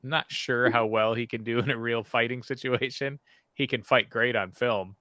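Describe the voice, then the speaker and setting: A man co-hosting a casual movie review chat, enthusiastic and quick to laugh. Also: mid-range voice, steady tone, bright, forceful tone, no room sound. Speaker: podcast co-host.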